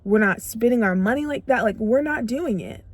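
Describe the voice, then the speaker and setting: A woman's voice: fairly high pitch, expressive, normal speed, husky, no echo. A young woman giving a motivational self-growth talk to camera, emphatic and repeating phrases for punch. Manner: acts out her own inner dialogue in quotes.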